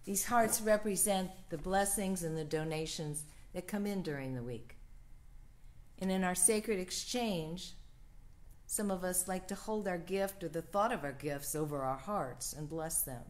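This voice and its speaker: Woman minister, low and slow, gentle prayerful delivery for a church livestream.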